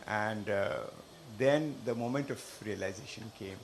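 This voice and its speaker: A man sharing a personal story at a workshop, halting and hesitant with many fillers and restarts. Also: lowish voice, slight background noise. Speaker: workshop participant. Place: workshop room.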